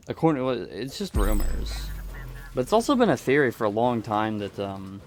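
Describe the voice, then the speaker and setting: A gaming video creator chats casually while playing a game, rambling and hesitant and often restarting his sentences. His voice is lowish, with a little hiss or hum in the audio.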